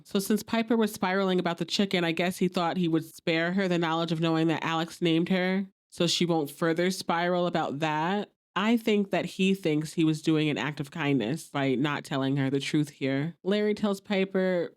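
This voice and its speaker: A woman's voice: fairly low pitch, normal speed, hardly any pauses, smooth. A young woman hosting a podcast, casually recapping a TV episode, chatty and sympathetic, sometimes acting out the characters' lines. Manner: chatty, reacts with sympathy and disbelief, briefly acts out quoted lines.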